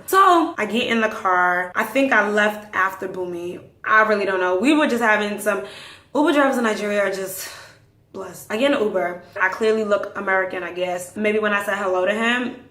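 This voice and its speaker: A woman hosting a podcast, telling stories casually in an animated way, acting out the dialogue and dropping into hushed asides. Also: medium pitch. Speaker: podcast host. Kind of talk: casual storytelling. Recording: roomy echo.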